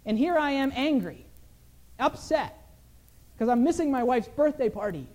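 A man's voice: extremely high pitch, lively intonation, moderate pace, darkish tone. A man preaching a sermon, telling a personal story earnestly and pressing his points with rising emphasis.

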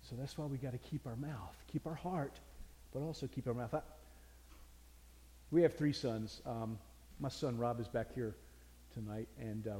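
A man's voice: mid-range voice, vocal fry, mellow, big-room sound, a little hiss or hum. An older man preaching to a crowd, telling homely stories in an earnest, folksy way. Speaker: pastor. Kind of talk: sermon.

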